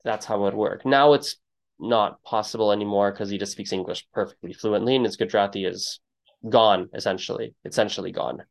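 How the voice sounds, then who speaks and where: A man hosting a podcast interview in a relaxed conversational way, telling stories and acting out what people said with sudden jumps in his voice. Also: fairly quick, creaky. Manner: storytelling, acts out quotes with big pitch jumps. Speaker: podcast host.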